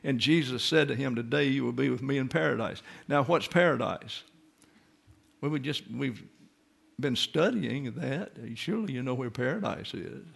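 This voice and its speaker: A man's voice: medium pitch, expressive, moderate pace, gravelly, breathy edge. A man teaching a Bible lesson in sermon style, reading scripture and reference texts aloud and explaining them step by step.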